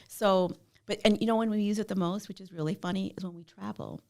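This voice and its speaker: A middle-aged woman guest telling stories in a casual interview, animated and laughing often. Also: medium pitch, fast talker, vocal fry. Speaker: podcast guest.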